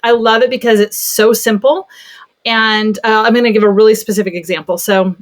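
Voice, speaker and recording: A woman pediatric therapist telling a story in a casual podcast conversation, animated and chatty. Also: on the high side, a little fast.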